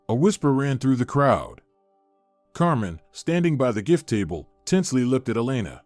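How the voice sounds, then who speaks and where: A man narrating a dramatic story in a measured, scripted reading. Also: mid-range voice, very animated, a little mellow, no echo. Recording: dry close recording with faint music.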